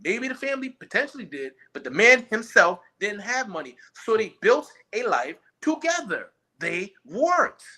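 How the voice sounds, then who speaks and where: A man holds forth in a casual chat, his pitch swinging widely as he pushes his points. The voice has a bright, forward edge. He talks emphatically and rambles, often restarting his sentences. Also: sing-song, moderate pace, hardly any pauses.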